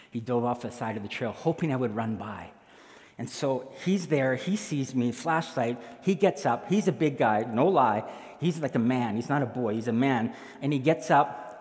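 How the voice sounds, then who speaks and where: A man's voice: medium pitch, a bit bright, in a large hall. A man, a pastor, telling a story in a sermon and acting out the voices of the people in it.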